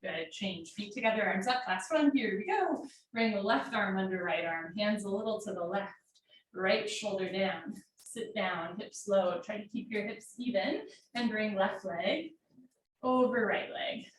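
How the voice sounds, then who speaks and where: A woman teaching a live yoga class from home, calling out poses in steady, directive short commands. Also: medium pitch, measured pace. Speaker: yoga instructor. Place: home room. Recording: very echoey room, mic far off, faint noise.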